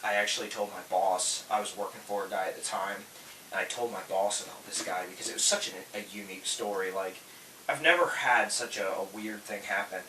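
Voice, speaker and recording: A man tells stories in a casual podcast chat, his lowish voice bright and forceful as he acts out every quote. He sits away from the mic in an echoey room, with a faint hiss underneath. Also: brisk, far from the mic. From Florida. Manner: animated, acts out quotes loudly. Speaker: podcast host, tool truck dealer.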